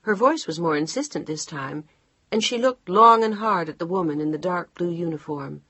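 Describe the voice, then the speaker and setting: Female audiobook narrator, low and husky, measured, dry studio read. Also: lively intonation, fairly bright tone, dry recording. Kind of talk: scripted narration.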